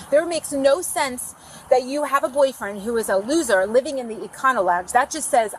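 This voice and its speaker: A woman's voice: sits high, a little fast, slight background noise, low-quality recording. A woman, a property manager, reports a theft to police in an indignant, emotional and profane way.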